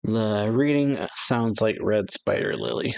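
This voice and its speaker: Gravelly man reading through a chapter. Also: fairly low pitch, huge pitch swings, unhurried, darkish tone, dry recording. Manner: reads quoted lines aloud with a lift, hesitant fillers. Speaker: reaction channel host. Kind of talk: casual manga chapter read-through.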